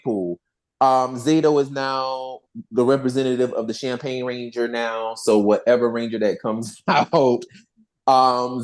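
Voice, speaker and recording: In a casual fan chat, a podcast host recaps with animated, profane energy, acting out the characters' lines. The voice is medium in pitch.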